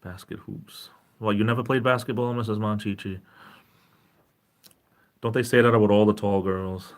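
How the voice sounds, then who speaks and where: Deep-voiced man rambling on a live stream. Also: steady tone, moderate pace. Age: 40s. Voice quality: caring, gentle tone. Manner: rambling, self-interrupting, greets chat viewers. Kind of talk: casual live stream chat.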